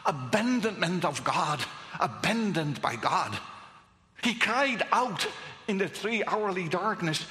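Preacher guy, slow and bright, swings from whispers to cries, big echoey hall. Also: high-pitched, expressive. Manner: dramatic swings between hushed whispers and raised cries. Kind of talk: sermon. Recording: echoey hall with long reverb.

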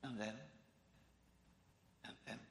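A man preaching a sermon, emphatic and repetitive, dropping to a hush and then rising loud. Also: slow pace, a little hiss or hum. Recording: echoey hall with long reverb.

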